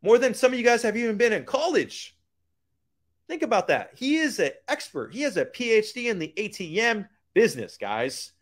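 A man giving a hyped motivational business pitch, using street slang and repeating lines for emphasis. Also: sing-song, moderate pace. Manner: hyped, keeps calling out to "guys". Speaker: business coach.

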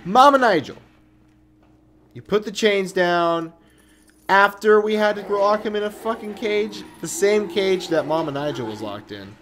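A man giving excitable, joking let's play commentary on a game, swearing and talking back to the screen. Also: high-pitched, moderate pace, a little hiss or hum. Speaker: gaming commentator. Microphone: new desk mic with webcam.

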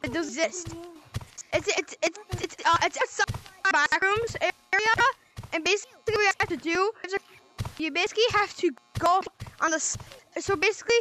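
A woman's voice: very high-pitched, moderate pace, sharp tone, a little hiss or hum, rough recording. A woman on a VR headset mic in playful game chat, goofy and rambling, repeating words.

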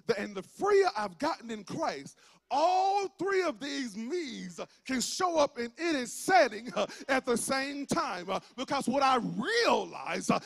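A pastor from Georgia with a Southern accent, preaching a fervent sermon that swings from shouts into a sing-song cadence, with many "uh" fillers. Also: male voice, very high voice, gravelly. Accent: Southern US (rural Georgia). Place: church sanctuary.

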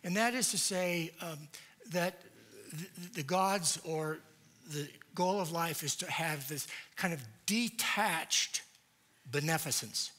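A man giving a church lecture, deliberate and emphatic, posing rhetorical questions to his audience. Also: a little high, pushed and bright.

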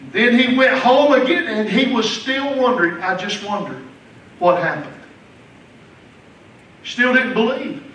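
A man with a Southern US accent preaching a sermon as pastor, dropping to a hush and then bursting into shouts. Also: very high voice. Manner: preaching with sudden loud outbursts. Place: church sanctuary. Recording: echoey church hall, distant mic.

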